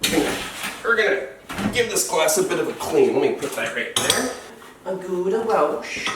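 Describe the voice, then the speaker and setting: A man's voice: fairly high pitch, sing-song, normal speed, background noise. Playful man in a roomy room. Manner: playful, chatty, talks to the animals. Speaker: wildlife keeper and vlog host. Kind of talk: casual narration while working. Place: indoor animal enclosure room. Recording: roomy, distant mic, music underneath.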